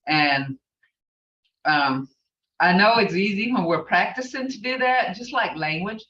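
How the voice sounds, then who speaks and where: A woman's voice: mid-range voice, expressive, unhurried, a bit bright, slight background noise. An older woman teaching a casual language class, rambling a little and often asking "okay?" to check that her students follow. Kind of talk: informal online language class. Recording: echoey, distant, dull lo-fi audio.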